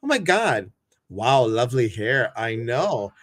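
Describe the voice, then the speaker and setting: A man's voice: medium pitch, sing-song, unhurried, a bit bright. A man hosting a live stream, chatting casually and greeting viewers one by one by name.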